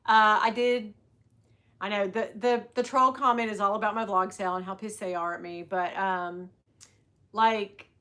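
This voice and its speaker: A middle-aged woman selling bags on a livestream from a sales floor at work speaks at normal speed in a bright, forceful, mid-pitched voice with fairly even intonation. She chats casually, rambling and greeting viewers by name.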